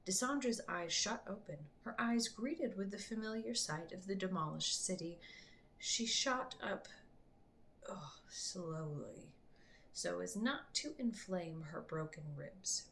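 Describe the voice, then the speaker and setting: Woman reading a storybook softly. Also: medium pitch, normal speed, creaky, few pauses, slight background noise. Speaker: author reading her book.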